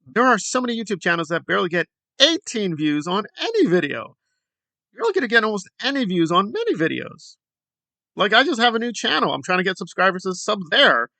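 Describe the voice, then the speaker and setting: Sarcastic gravelly man ranting. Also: sits high, sing-song, fairly quick, bright, forceful tone, no echo. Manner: sarcastic, exasperated. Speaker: commentary channel host. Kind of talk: ranting commentary.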